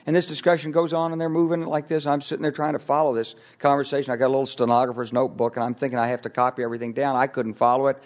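An older man, a retired military officer, giving a lively anecdotal talk on stage, acting out the voices of people he quotes. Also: medium pitch, racing, hardly any pauses. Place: stage before an audience.

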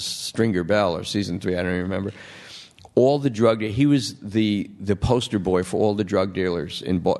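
A low, gravelly male voice spinning a story on stage at a public talk. He rambles through fillers and restarts and slips into other people's voices as he tells it. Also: a little mellow. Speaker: novelist and TV writer, event guest. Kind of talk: storytelling anecdote in a live talk. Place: stage at a public event before an audience.

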